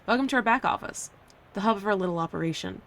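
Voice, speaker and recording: A woman's voice: medium pitch, lively intonation, fast, a bit bright. A woman voicing a friendly young antique shop clerk who talks in a chatty, slangy, casual way.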